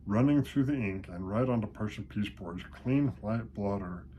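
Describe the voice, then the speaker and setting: An older man reading a children's picture book aloud to his grandchildren, slow and gentle. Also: on the low side, muffled recording, slight background noise.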